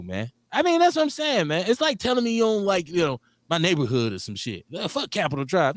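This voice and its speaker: A middle-aged man from Milwaukee hosts a casual talk show. His pitch sits a bit high and jumps around freely as he rants with plenty of swearing and laughter. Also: fairly quick, few pauses, no echo. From Milwaukee, Wisconsin. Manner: animated, profane, laughing often. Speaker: radio show host. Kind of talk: casual chat.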